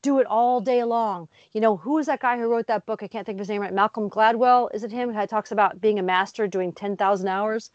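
A woman co-hosting a casual talk show, telling stories with lively acted-out voices. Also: mid-range voice, a little fast, few pauses, no room sound, lo-fi sound. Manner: lively storyteller, acts out voices. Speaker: co-host. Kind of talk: casual chat.

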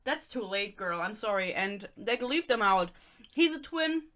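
A woman's voice: mid-range voice, animated, a little slow, fairly bright tone. A young woman from Germany, ranting sarcastically in casual chat as she reviews a book. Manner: sarcastic, ranting, reads excerpts aloud. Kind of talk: casual rant.

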